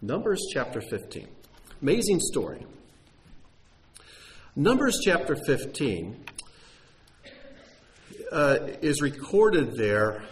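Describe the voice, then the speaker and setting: A middle-aged man delivers a sermon in an earnest teaching tone. His voice sits at an ordinary male pitch and climbs on the points he stresses. He often restarts a phrase before pressing on. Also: poor audio. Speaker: preacher.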